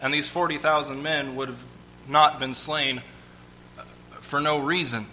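A man's voice: on the high side, fairly even intonation, measured pace, long pauses, pushed and bright, low-quality recording. A man teaching from the Bible, reading scripture aloud and stopping to comment in plain, conversational asides. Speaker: preacher.

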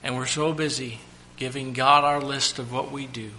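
A man preaches a sermon with a very bright, forceful tone and an everyday mid pitch. He sometimes bursts into loud, acted-out shouts. A faint hiss of noise sits under the voice. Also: steady tone, moderate pace.

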